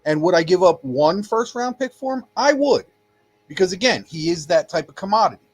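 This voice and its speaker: Husky man in emphatic sports talk. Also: high voice, big pitch swings, a little fast. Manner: emphatic, repeats words when pressing a point. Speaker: podcast co-host. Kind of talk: casual sports chat.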